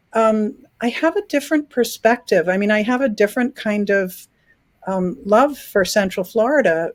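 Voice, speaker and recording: A woman's voice: medium pitch, darkish tone, no room sound. A woman in her sixties from New York who grew up in England, answering interview questions in a conversational way with frequent restarts and easy laughter. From New York, raised in England. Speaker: film festival founder.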